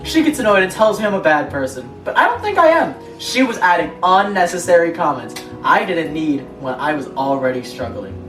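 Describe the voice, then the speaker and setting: A woman's voice: fairly low pitch, big pitch swings, brisk, hardly any pauses. A young woman co-hosting a casual chat, reading online posts aloud with laughing asides. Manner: giggly, reads aloud with frequent laughing asides. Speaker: co-host reading online stories. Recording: echoey room, distant from mic, music behind.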